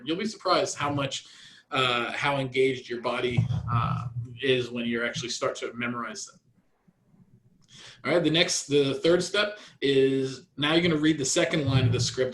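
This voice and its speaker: Male sales coach, mid pitch, energetic, repeats points, roomy sound. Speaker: real estate sales coach. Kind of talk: training session.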